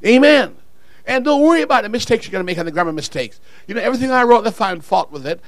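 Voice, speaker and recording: Man, preacher, high lively voice, dry close sound, shouted exhortation. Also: quick pace, no echo. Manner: animated, swings from low asides to shouted exhortation. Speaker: pastor. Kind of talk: sermon.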